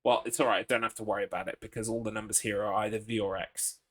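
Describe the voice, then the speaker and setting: A man's voice: lowish voice, little pitch movement, racing, fairly bright tone. A man with an English accent streaming a horror game from his computer. He chats with viewers, answers questions from chat and swears now and then. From England. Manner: chatty, swears, reads chat aloud and answers it. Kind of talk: casual gaming commentary.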